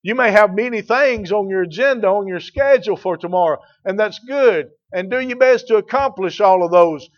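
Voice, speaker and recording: A male pastor delivers a sermon in a fairly high voice. His delivery swings from calm, quiet teaching to loud, emphatic declarations. The recording sounds dull and lo-fi. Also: normal speed, few pauses.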